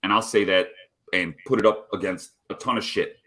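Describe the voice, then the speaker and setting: A man with a low, husky voice talks loosely and profanely, wandering from one thought to the next in casual conversation. His speech is full of fillers and swearing. The sound is that of a relaxed live-stream chat at home. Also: brisk. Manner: profane, rambling, swears constantly. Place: home, rolling a cigarette.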